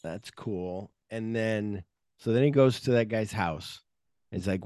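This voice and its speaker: A man hosting a movie podcast, talking casually and jumping into quick impressions of characters as he retells the plot. His voice rises and falls a lot, and the sound is close and dry, with no room echo. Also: lowish voice. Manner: animated retelling, acts out characters' lines; profane, uses fillers like "like". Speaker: podcast host.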